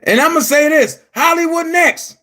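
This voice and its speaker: Brief: man, very high voice, angry profane commentary rant, frequent shouting, blunt and repetitive. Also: normal speed. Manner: blunt and emphatic, repeats phrases. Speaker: online commentary host. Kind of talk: heated vlog rant.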